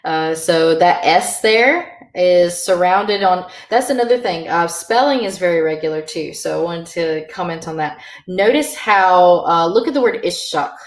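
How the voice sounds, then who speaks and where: A woman leads a beginner language lesson at a slow, patient pace. Her voice sits slightly low, and she stops often for ums and uhs. The room around her gives off a noticeable echo. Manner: patient, filler-heavy explaining with many ums. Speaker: Irish language teacher.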